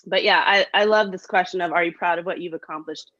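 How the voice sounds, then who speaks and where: Middle-aged mom co-host, upbeat pep talk, lowish voice, kinda muffled. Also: female voice, fairly even intonation, quick pace, sharp tone, no room sound. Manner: upbeat, encouraging, many fillers. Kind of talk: casual motivational chat. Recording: dull dry lo-fi sound.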